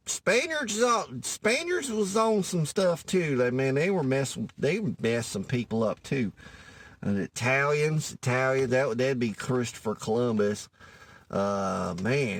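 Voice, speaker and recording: This one has a medium pitch, lively intonation, a measured pace, and a slightly rough quality. He's a Louisiana man with a Cajun accent doing a rambling, profane, folksy comedy monologue, often losing his thread, saying "anyways" a lot, and calling listeners y'all.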